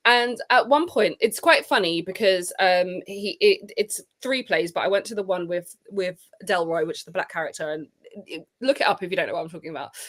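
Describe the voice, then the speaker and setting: Animated woman. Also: medium pitch. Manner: animated, swearing, goes off on tangents. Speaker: co-host. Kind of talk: casual banter.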